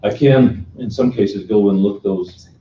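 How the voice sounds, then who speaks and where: A man speaks up from the audience in a halting, stop-start way. His voice is low and mellow. It comes from far off in an echoey room and sounds dull. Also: slight background noise. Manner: halting, with restarts. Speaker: audience member, instructor. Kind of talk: audience comment.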